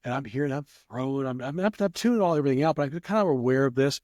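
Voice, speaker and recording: A man's voice: mid-range voice, lively intonation, fast, a little mellow, dry recording. Guy rambling thru a story, lots of restarts, dry close sound. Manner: rambling, many restarts, acts out voices. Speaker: guest, craps player. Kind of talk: casual anecdote in an interview.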